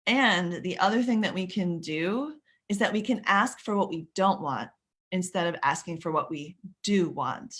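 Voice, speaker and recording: Lower-voiced woman, parenting coach on a live stream, chatty and self-correcting. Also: normal speed, fairly bright tone. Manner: chatty, greets viewers by name, restarts sentences.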